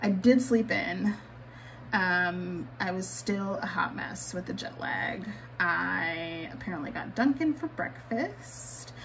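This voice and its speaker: A woman's voice: lowish voice, expressive, slow, creaky, fairly bright tone, slight background noise, rough recording. A woman vlogger chatting candidly while she decorates her planner, swearing casually and laughing often.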